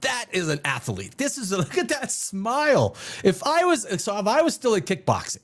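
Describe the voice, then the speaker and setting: Animated, rambling man hosting a livestream. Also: sits high, normal speed. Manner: rambling, joking, laughs often. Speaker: livestream host. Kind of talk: casual livestream chat.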